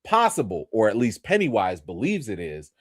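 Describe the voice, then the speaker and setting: Animated man livestreaming a show review. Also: mid-range voice, a little slow, no echo, clean studio sound. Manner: animated, casual, slangy, lots of fillers.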